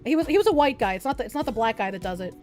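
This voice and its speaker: High-voiced sarcastic woman streamer. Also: expressive, a little mellow, faint music behind. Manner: sarcastic, profane, quick asides. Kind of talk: casual reaction commentary.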